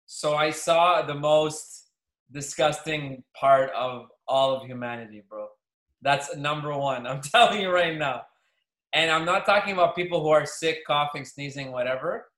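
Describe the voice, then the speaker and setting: A man co-hosting a podcast, telling stories in a casual, profane and animated way. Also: on the high side, normal speed, echoey room. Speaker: podcast co-host, pharmacist. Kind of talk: casual chat.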